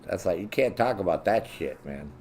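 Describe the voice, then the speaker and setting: Deep and darkish, this man's voice has lively intonation and a normal speed, over a bit of hiss or hum. Hosting his own program, he launches into a crude, blunt monologue, mocking others in a louder voice.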